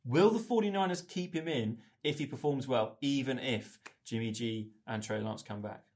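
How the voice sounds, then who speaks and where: A man's voice: medium pitch, moderate pace, a little mellow. A Welsh man hosts a casual sports podcast with friends. He teases his co-hosts and steers the chat from one point to the next. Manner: teasing, leads the talk and reads ad plugs. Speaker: podcast host.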